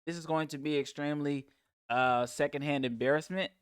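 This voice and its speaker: A man's voice: fairly high pitch, steady tone, brisk, smooth, no echo, studio quality. An American man hosting a reaction video, talking casually and animatedly and calling people "bro" and "man". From United States.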